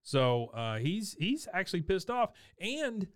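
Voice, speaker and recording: Smooth-voiced man recapping an episode. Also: high voice, very animated, no room sound, studio quality. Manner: reads out scenes, acting out the characters' lines in quick voices. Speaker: podcast co-host. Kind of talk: casual chat recapping an episode.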